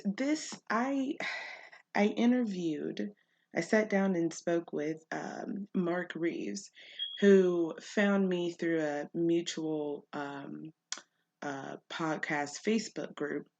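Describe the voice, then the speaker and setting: A woman hosts her podcast, chatting through a story with frequent laughter and fillers. Her voice has a gravelly edge and she takes her time. The recording sounds dull and lo-fi. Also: fairly low pitch, a little mellow. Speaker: podcast host. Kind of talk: casual storytelling monologue.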